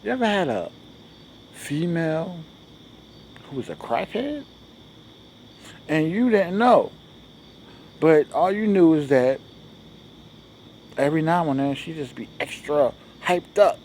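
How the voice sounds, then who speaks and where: Slow slangy comedian host. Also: male voice, expressive, a little mellow, a little hiss or hum. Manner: loose slangy storytelling, acts out dialogue in shifting voices; sings a repeated show jingle in a high voice. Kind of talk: stand-up monologue.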